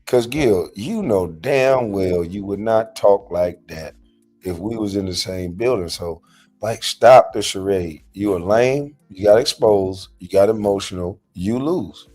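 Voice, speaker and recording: A man's voice: on the low side, measured pace, dark tone, faint music behind. A man ranting in a confrontational, profane reaction vlog, mocking and calling someone out. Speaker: commentator reacting to a panel clip. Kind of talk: heated reaction vlog rant.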